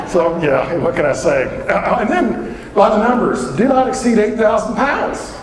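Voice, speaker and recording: Energetic joking man in an echoey hall. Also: high voice, a little slow, hardly any pauses, a loud crowd. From southwestern Colorado. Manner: energetic joking storyteller, quizzes the audience. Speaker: keynote economic speaker. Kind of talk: humorous conference keynote. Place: large conference hall.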